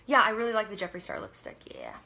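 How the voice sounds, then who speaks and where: A woman's voice: medium pitch, huge pitch swings, fast, gravelly, pushed and bright. A young woman from Canada hosting a casual livestream, reading viewer comments aloud, laughing often and trailing off mid-sentence. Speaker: livestream host.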